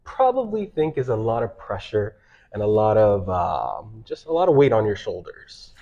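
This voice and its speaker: A man hosting an interview, friendly, asking questions in a halting way with fillers. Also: lowish voice, huge pitch swings, warm tone, lo-fi sound. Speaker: interview host. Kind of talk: casual interview.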